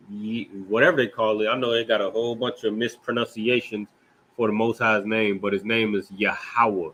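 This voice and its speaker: A man with an American accent teaches a scripture language class in a relaxed, conversational way. His voice sits at an ordinary middle pitch. He keeps asking "right?" and slows down to pronounce words carefully. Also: low-quality recording. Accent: American English. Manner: loose, conversational, with frequent "right?" and "you know what I mean?".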